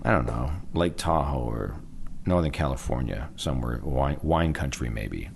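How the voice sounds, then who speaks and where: A man's voice: extremely low pitch, expressive, moderate pace, creaky, slight background noise. A middle-aged man, a voice actor, chatting casually in an interview and rambling with frequent trailing off. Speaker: voice actor guest.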